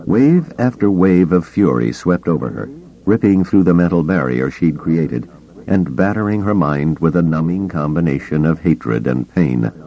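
Deep-voiced man narrating with dramatic swings. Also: muffled recording. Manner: dramatic, expressive reading. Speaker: audiobook narrator. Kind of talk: scripted audiobook narration.

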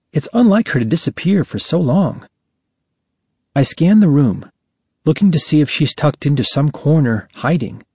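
A man reading a first-person story aloud in a steady, understated way. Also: mid-range voice, slightly rough, no room sound. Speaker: narrator. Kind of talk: first-person audiobook narration. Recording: muffled, dry lo-fi recording.

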